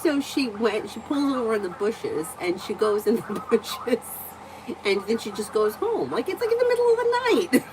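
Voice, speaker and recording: A woman's voice: on the high side, sing-song, moderate pace, noisy background. A woman livestreaming as a tarot reader, telling stories in a chatty way, laughing often and swearing freely. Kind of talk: casual storytelling and tarot reading.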